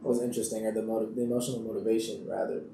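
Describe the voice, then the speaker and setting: A young man, an actor, chatting casually in an interview and telling stories in an animated way with frequent laughter. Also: fairly low pitch, racing, gravelly, distant mic. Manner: animated storyteller who laughs often and acts out quotes. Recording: roomy echo, off-mic, faint background hiss.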